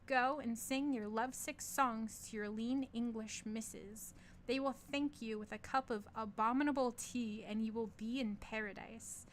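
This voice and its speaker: A woman's voice: on the high side, fairly even intonation, a little slow, slight background noise, lightly acted. A woman reading the lines of an impetuous, temperamental young Frenchman, impatient and scornful. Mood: angry scorn.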